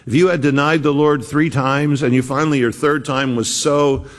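A man preaching a sermon, retelling scripture slowly and earnestly with frequent restarts. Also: on the high side, fairly even intonation. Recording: long hall reverb.

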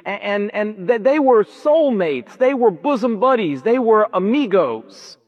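A male preacher delivers an emphatic, storytelling sermon full of rhetorical questions, his voice sitting high. He is heard in a church hall, and the recording is dull with a long hall reverb. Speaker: pastor.

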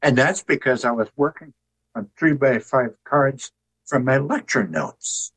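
Older man with a husky voice. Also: medium pitch, unhurried, fairly bright tone, no echo, rough recording. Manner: folksy, tells jokes with put-on voices. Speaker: author and artist, interview guest. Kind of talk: relaxed storytelling interview.

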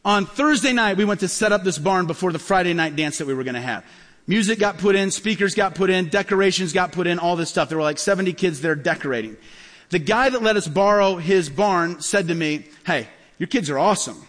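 A man preaching a sermon, with a high voice and a rapid, animated delivery. He tells stories and acts out each side of the dialogue. His voice rings out with a long reverb, as in a large church hall. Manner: animated, quick storyteller acting out dialogue. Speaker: pastor. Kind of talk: sermon storytelling.

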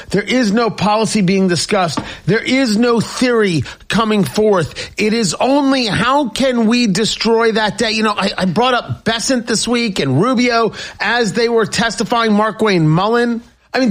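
A man hosting a political talk radio show, emphatic and repetitive, also reading sponsor ads. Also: sits high.

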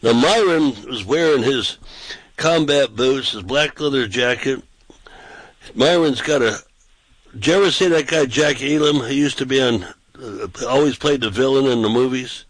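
On a talk show, a man who is a pastor and street preacher casually tells anecdotes, acting out the quotes in a raised voice. His voice is mid-range and his pace moderate, with no echo but poor audio.

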